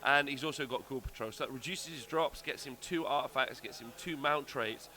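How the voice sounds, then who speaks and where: A man's voice: mid-range voice, brisk, sharp tone. A man hosting a live stream, chatting upbeat and thanking viewers as he walks through the lineups. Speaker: stream host and commentator.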